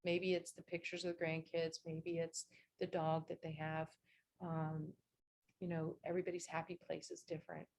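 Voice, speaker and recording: Nurse lady talking on a video call, low gravelly voice, bit of faint hiss behind. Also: a little mellow. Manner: chatty, down-to-earth, with many asides. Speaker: nurse giving a talk on dementia care. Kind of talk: informal presentation. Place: virtual meeting. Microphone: video call mic.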